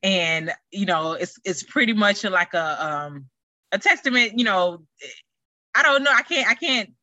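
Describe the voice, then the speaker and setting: A woman's voice: medium pitch, lively intonation, a little slow, pushed and bright, no echo, muffled recording. A middle-aged woman hosting her own podcast, talking in a chatty, rambling way with lots of fillers and restarts. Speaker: podcast host. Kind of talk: casual solo podcast chat.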